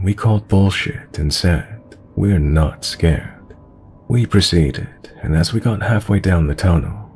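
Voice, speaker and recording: A man narrating true horror stories in a calm, measured storytelling voice. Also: low-pitched, a little hiss or hum.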